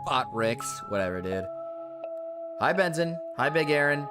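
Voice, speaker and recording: A man's voice: fairly high pitch, lively intonation, measured pace, pauses often, loud music behind the voice. A man streaming live, greeting his viewers one by one and venting in short, repeated phrases. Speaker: livestreamer. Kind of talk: casual live-stream chat.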